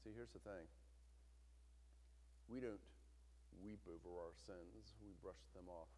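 A man preaching a sermon, swinging between loud, intense retelling and hushed, quiet emphasis. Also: low voice, measured pace, a little hiss or hum. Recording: long hall reverb.

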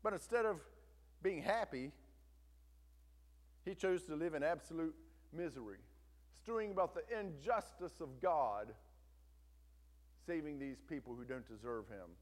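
A man's voice: a little high, lively intonation, unhurried, pauses often, long reverb tail. A male pastor preaching a sermon, telling a story with emphatic turns and urging the congregation to listen.

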